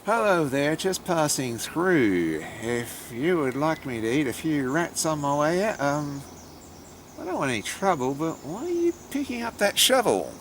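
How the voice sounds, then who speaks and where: An Australian man puts on a cocky snake with a stretched, high attempted American accent that swoops up and down. The voice drawls slowly, as if chatting up the humans. It is a clear put-on over the man's own lower tone. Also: very animated, a little hiss or hum. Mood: cocky, innocent.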